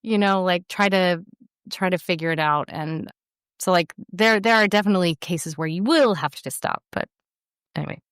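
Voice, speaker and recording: A woman's voice: lowish voice, normal speed, fairly bright tone, clean tone, no echo, studio quality. A young adult woman, an audiobook narrator, chatting casually in an interview and rambling with lots of fillers. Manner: rambling, lots of fillers, self-deprecating laughs.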